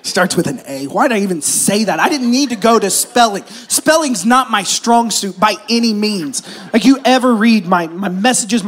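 A man preaching a sermon, telling a story with emotion and swinging between loud stretches and hushed whispers. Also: sits high. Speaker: pastor.

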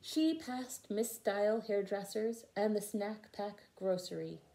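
A woman reads a children's picture book aloud at an unhurried pace, pausing to explain words to young listeners. Her voice sits at a middle pitch, and her delivery is patient and clear. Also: mellow. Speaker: storyteller for children. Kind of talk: children's read-aloud with word lessons.

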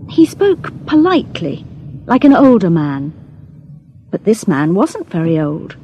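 Slow, mellow woman reading a story. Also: medium pitch, very animated, slight background noise. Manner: slow, clear, deliberate reading for learners. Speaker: audiobook narrator. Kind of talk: scripted story narration.

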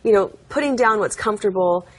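Woman, husky tone, interview guest, earnest and chatty, fillers, laughs often. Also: mid-range voice, fast. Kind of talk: interview storytelling.

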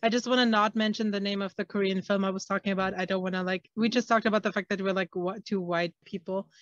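A woman's voice: mid-range voice, steady tone, quick pace, dry recording. A woman co-hosting a podcast in casual chat, hesitant with many fillers. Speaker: podcast co-host. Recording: dry, dull lo-fi mic.

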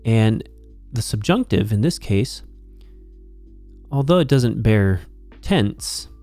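A man teaching New Testament Greek, slowly and methodically walking through a verse as a Bible teacher. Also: fairly low pitch, animated, warm tone, faint music behind. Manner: slow, methodical explaining. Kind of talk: Greek grammar lesson.

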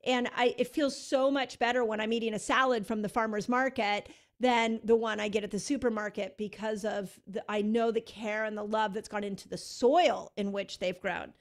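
A middle-aged woman from the United States hosts a podcast chat. Her voice sits a little high and she talks earnestly, pressing her points and often restarting mid-sentence. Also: fairly even intonation, moderate pace, hardly any pauses. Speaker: podcast host. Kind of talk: casual interview chat.

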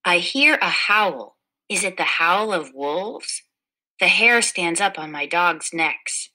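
A woman reads a children's picture book aloud, taking her time over every phrase. Her voice is bright and forward, and she tells the story gently, lifting the quoted lines so they stand out. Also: on the low side, animated, slow pace, rough recording. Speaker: storybook reader.

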